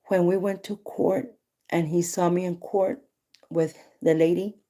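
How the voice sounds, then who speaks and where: A woman hosting a casual livestream, telling a personal story with animated retelling of dialogue and a few Spanish phrases. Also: lowish voice, unhurried. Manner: animated retelling, voicing both sides of dialogue. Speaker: livestream host.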